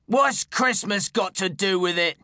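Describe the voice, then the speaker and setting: A man's voice: mid-range voice, a little slow, sharp tone, no room sound, studio quality. A man voicing a stocky, spiteful male forester who taunts and barks orders. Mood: scornful.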